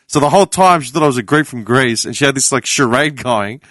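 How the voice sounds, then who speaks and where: With a quick pace and a mid-range voice, an Australian podcast panelist recounts a story animatedly, impersonating the characters, cursing casually and laughing a lot. The recording is dry with clean studio sound.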